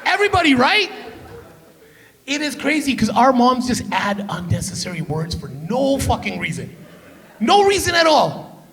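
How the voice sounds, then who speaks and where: A man from Canada, a stand-up comedian on a theater stage, telling loud, profane family stories and keeping the crowd with him with "right?". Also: extremely high pitch, huge pitch swings, normal speed, soft background music. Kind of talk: stand-up storytelling.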